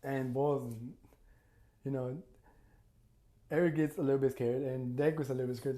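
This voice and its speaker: A man's voice: medium pitch, flat delivery, normal speed, pauses often, mellow, echoey room. A man casually retelling a fan story, rambling with lots of fillers and acting out the quotes. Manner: rambling, full of "you know" and "like", acts out quotes.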